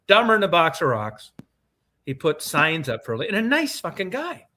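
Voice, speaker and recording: A man with a bright, sharp-edged voice tells a long personal story on a casual podcast. He swears at nearly every turn and rambles freely, circling back through the tale. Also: a little high, wildly swooping pitch, moderate pace. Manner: profane, rambling anecdote-telling. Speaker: podcast co-host. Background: co-host's short reactions.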